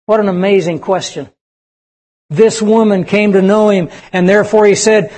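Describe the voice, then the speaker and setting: A man's voice: high-pitched, fairly even intonation, normal speed, a little mellow. Emphatic man preaching a sermon. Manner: emphatic, asks the audience questions. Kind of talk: sermon to young people. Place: church service with audience.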